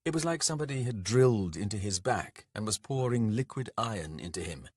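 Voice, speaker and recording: A man narrating a dark fantasy audiobook in a measured, dramatic way. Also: lowish voice, animated, breathy edge, no room sound, studio quality.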